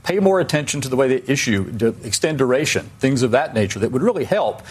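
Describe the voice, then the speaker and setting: A man speaking as an investment manager guest on a TV panel, emphatic and quick to make his case. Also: mid-range voice, very animated, darkish tone, breathy edge. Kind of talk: live TV panel discussion.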